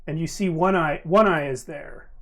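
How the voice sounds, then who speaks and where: A man narrating as game master at a tabletop game, relaxed and chatty, laughing easily. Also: on the high side, moderate pace, crowd noise. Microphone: table mic at a live-streamed game.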